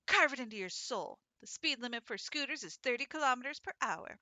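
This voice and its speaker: A woman voicing a tough, stern female sparrow who rides a scooter, talking gruffly and lecturing. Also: a little high, lively intonation, a little fast, pushed and bright, no echo.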